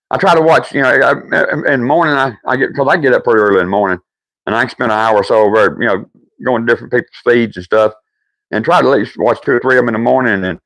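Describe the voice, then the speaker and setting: An older man with a Deep South accent, hosting a livestream and chatting casually with viewers in a folksy, rambling way. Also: creaky, a bit bright, dry recording. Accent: Deep South American. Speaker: livestream host.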